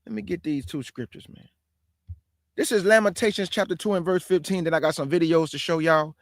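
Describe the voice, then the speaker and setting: A slightly high, brisk male voice comes through clean studio sound without echo. The host of his own livestream, he delivers passionate, sermon-like commentary, repeating himself and calling listeners family.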